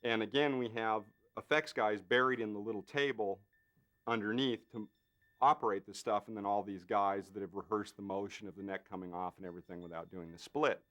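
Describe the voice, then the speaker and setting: A man, a special effects artist, telling a behind-the-scenes story in an interview. He talks in an animated way, full of fillers, and acts out other people's lines. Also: lowish voice, brisk.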